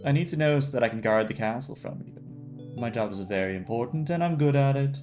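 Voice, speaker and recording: A man's voice: medium pitch, fast talker, darkish tone, soft background music, natural voice. A man voicing a cheerful, simple-minded swamp monster who guards a castle and is eager to please.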